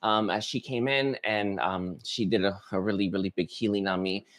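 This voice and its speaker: A man hosting a spiritual livestream, talking casually and hesitantly with many pauses and restarts. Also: fairly low pitch, steady tone, a bit bright. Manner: hesitant, lots of ums and restarts. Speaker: psychic reader hosting a livestream.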